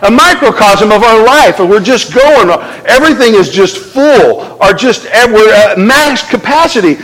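A male pastor preaching a sermon in an animated, conversational way, asking the crowd to respond. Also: high voice, moderate pace, in a large hall, low-quality recording.

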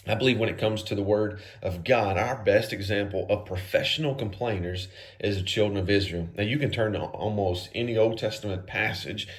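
A man's voice: lowish voice, a little fast. A man preaching a sermon in a casual, conversational style, peppered with "man.". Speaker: pastor.

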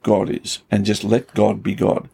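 A man's voice: fairly low pitch, monotone, measured pace, creaky, dark tone, slight background noise. A man, a pastor, explaining scripture in an earnest, emphatic conversational way. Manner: earnest, emphatic storytelling with rising intensity. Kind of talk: conversational Bible teaching.

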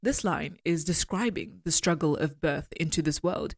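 A woman with a low, steady voice gives an analytical critique of poetry. She argues her points in a measured, deliberate way. The sound is dry and close. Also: no room sound. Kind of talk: analytical commentary reading poems aloud.

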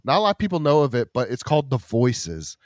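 A man's voice: medium pitch, sing-song, fast talker, no echo, clean studio sound. A man hosting a podcast, chatting enthusiastically and rambling with many restarts. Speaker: podcast host. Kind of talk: casual chat.

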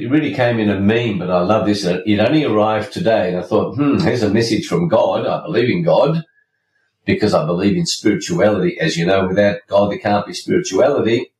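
A man hosting a podcast, delivering a scripted monologue in an emphatic, preachy way and slipping in jokes. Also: on the low side. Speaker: podcast host. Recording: roomy, distant from mic, faint ambience.

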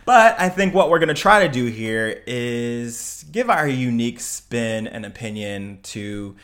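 A man's voice: medium pitch, animated, unhurried, fairly bright tone. A man co-hosting a casual podcast, playful and sometimes slipping into a newscaster delivery. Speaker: podcast co-host.

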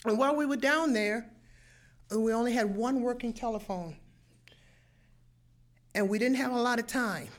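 Older woman storyteller, a touch high-pitched, lively and theatrical in her telling. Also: normal speed, pauses often. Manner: animated, acts out sounds and voices. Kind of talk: personal storytelling to an audience.

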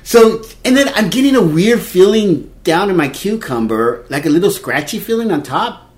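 A man in his fifties telling a dating story in casual chat, animated and laughing, acting out quotes. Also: high voice, moderate pace. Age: 50s. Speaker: podcast co-host.

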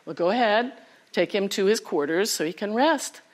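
A woman's voice: mid-range voice, animated, moderate pace, close to an everyday voice. Woman voicing a greedy irritable king. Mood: scheming. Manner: scheming, then curt orders.

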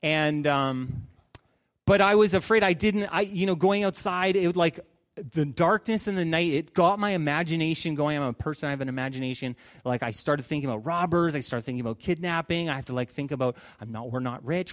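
A man in his thirties, a pastor, delivers a sermon in a chatty storytelling way. His voice sits a little high, and it breaks into sudden emphatic bursts on the key points.

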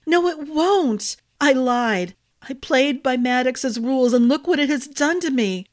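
A woman playing a young princess in a storybook, tearful and distraught. She sobs and wails, and her voice rides high. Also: measured pace. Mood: despairing. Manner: sobbing, wailing.

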